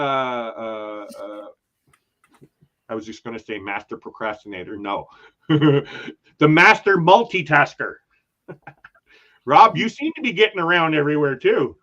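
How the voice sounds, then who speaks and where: A man's voice: fairly high pitch, pushed and bright, dull audio. A man hosting a casual travel livestream, chatting and reading viewer comments aloud with frequent laughs. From Canada. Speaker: travel channel host.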